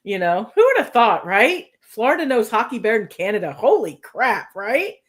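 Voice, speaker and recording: A woman's voice: fairly high pitch, big pitch swings, normal speed. A woman co-hosting a podcast in casual chat, enthusiastic and rambling, often restarting her sentences. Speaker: podcast co-host.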